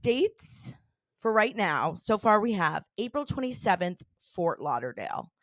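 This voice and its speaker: A woman's voice: medium pitch, sing-song, a little slow, a bit bright, no room sound, clean studio sound. A woman in her thirties hosting a comedy podcast, chatty and rambling, laughing often. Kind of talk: casual podcast chat.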